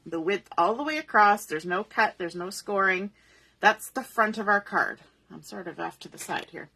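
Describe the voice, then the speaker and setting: A woman's voice: medium pitch, pushed and bright. A woman giving a patient, step-by-step papercraft tutorial, explaining each measurement as she works. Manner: patient, methodical, talks through each step. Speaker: papercraft instructor.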